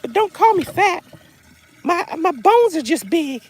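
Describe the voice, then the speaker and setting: A man voicing a big, self-conscious female bass fish in a high, sassy falsetto, outdoors on a lake. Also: big pitch swings, a little slow, full character voice.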